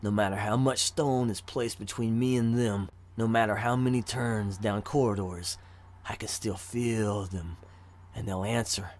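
A man's voice: on the low side, steady tone, measured pace, darkish tone, close to an everyday voice. A man voicing a gleeful, giggling old male necromancer locked in a prison cell, talking in a sly, gloating way.

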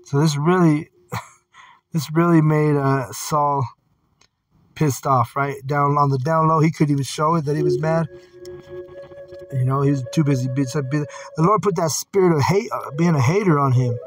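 A man's voice: fairly high pitch, normal speed. Blunt, profane man teaching scripture. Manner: reads scripture aloud, then comments bluntly with profanity. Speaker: Bible teacher. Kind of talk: casual Bible study commentary. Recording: distant mic with singing bowl music.

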